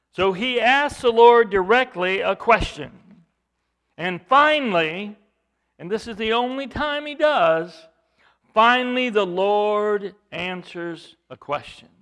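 Slow, forceful preacher man. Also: high-pitched. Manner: dramatic storytelling with rhetorical questions, swinging from loud emphasis to hushed. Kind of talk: sermon.

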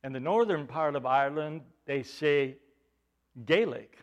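A man preaching a sermon, expressive, swelling loud at times and dropping soft at others. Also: on the high side, moderate pace, muffled recording. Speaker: pastor.

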